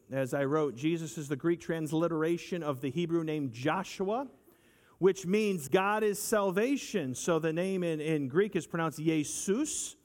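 A man preaching a sermon in an earnest voice, repeating his phrases and asking the listeners for agreement. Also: a little high. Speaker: pastor.

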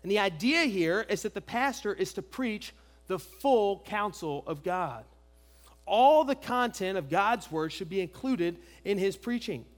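A man's voice: sits high, expressive, unhurried, soft background music. A man preaching an expository sermon, emphatic, asking rhetorical questions and repeating key phrases. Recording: long reverb of a large hall.

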